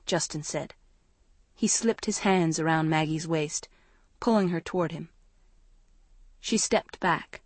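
A woman narrating a young-adult novel in a measured storytelling voice. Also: deep voice, dry recording. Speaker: audiobook narrator. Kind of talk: scripted narration.

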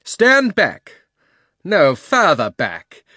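A man voicing a haughty, furious witch queen who shouts threats. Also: a little high, huge pitch swings, drawn-out words, dry recording, studio quality, pitched above the performer's own voice, heavily acted. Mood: threatening. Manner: commanding, threatening.

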